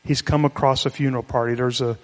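A man's voice: mid-range voice, fairly even intonation, fast talker. Man preaching in a reverberant hall. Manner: conversational, explanatory, with restarts. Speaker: pastor. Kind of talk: sermon.

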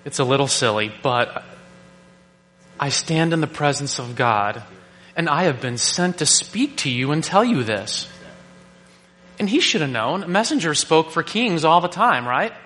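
A male pastor preaching a sermon, animated and joking, who keeps asking rhetorical questions. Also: on the high side, a little slow, a little hiss or hum. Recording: long reverb of a large hall.

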